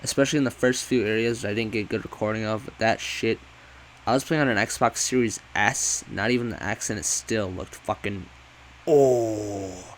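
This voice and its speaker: A man's voice: lowish voice, brisk, fairly bright tone, slight background noise, low-quality recording. A man giving a rambling, profane, casual review of a video game, often correcting himself.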